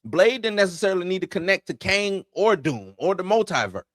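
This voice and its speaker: A man's voice: high voice, lively intonation, brisk, fairly bright tone, no room sound, clean studio sound. A man hosting an entertainment news show in loose, slangy casual commentary, chuckling between points.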